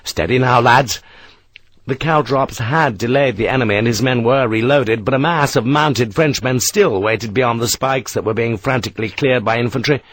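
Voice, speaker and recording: A man's voice: mid-range voice, moderate pace, hardly any pauses, fairly bright tone, dry recording. A man narrating a war novel as an audiobook, telling the battle with tense, vivid delivery.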